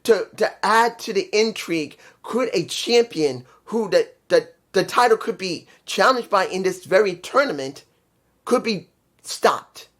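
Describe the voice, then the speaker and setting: A man's voice: high-pitched, animated, normal speed, few pauses, a bit bright. A man in his fifties giving a rambling, opinionated solo review and venting frustration in casual talk. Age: 50s. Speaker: wrestling commentary vlogger.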